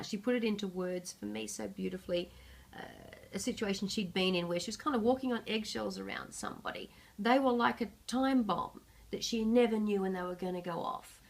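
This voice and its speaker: Gravelly-voiced woman giving a psychic reading. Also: mid-range voice, moderate pace. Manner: earnest, reflective, laughs between thoughts. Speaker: psychic reader. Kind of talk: casual oracle reading.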